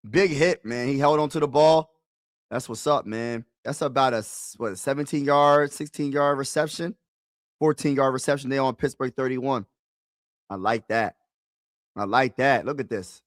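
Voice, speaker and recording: A man's voice: mid-range voice, moderate pace, long pauses, no room sound. Guy streaming live play-by-play, hypes up big runs, slangy, dry close sound. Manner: excitable, slangy, talks to viewers as "bro"; rises loudly when calling big plays. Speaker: sports streamer. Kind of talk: live play-by-play commentary and reaction.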